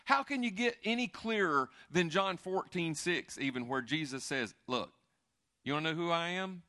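Lively preacher, bright voice. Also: male voice, on the high side, normal speed. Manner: conversational, animated preaching with asides and restarts. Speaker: pastor. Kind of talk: sermon.

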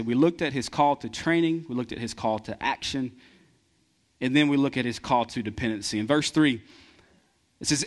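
A man, preaching a conversational sermon and acting out little dialogues. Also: mid-range voice. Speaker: pastor.

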